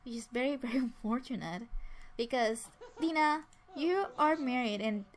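At normal speed, a let's play narrator with a high-leaning, expressive voice casually talks through a life-simulation game. She voices the sims' conversations herself and makes many restarts along the way.

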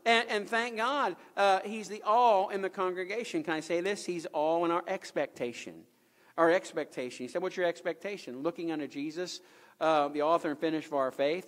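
A man preaching a sermon in a church, emphatic and repetitive, asking the congregation rhetorical questions. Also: fairly high pitch. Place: church sanctuary. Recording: echoey church hall.

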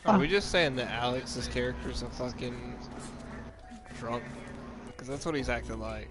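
A man's voice: medium pitch, normal speed, over music. A young man playing a streamed game with friends, wisecracking in laid-back casual banter.

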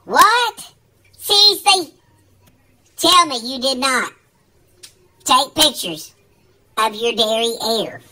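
A woman voicing an excitable male buddy in a comedy sketch, who keeps gasping in disbelief at every twist. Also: high-pitched, slow pace, long pauses, pitched above the performer's own voice, full character voice. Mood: excited.

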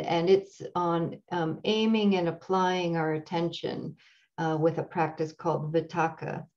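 A woman meditation teacher speaks slowly and gently, in a somewhat low voice, often pausing to search for the right word. The recording is dull and lo-fi. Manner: unhurried, searching for words with many fillers. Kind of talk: dharma talk introducing a practice.

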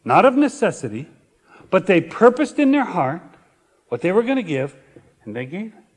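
A male pastor preaching a sermon, reading scripture slowly and building to emphatic repeated phrases. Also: high voice, sing-song, husky. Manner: preaching with rising emphatic repetition; reads scripture slowly and deliberately.

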